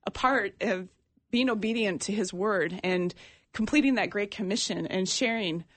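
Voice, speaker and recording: Woman, forties, faith testimony, earnest, halting, many fillers, mid pitch. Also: fairly bright tone, dry recording. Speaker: ministry guest sharing testimony. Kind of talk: personal testimony in an interview.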